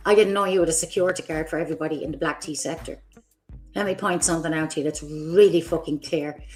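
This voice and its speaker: Hosting her own livestream, a woman launches into an angry, profane, confrontational rant aimed at other creators. Her voice sits low with a darkish tone and she talks fast, with faint music in the background.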